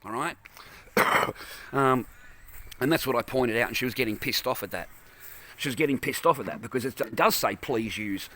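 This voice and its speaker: A man's voice: mid-range voice, normal speed, long pauses, pushed and bright. An Australian man ranting angrily in a vlog from his car, profane and repetitive. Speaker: vlogger. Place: in a parked car.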